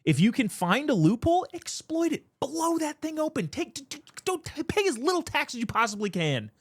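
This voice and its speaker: A man's voice: extremely high pitch, big pitch swings, a little fast, no echo. Rambling man giving political commentary. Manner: rambling, goes off on tangents. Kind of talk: casual commentary vlog.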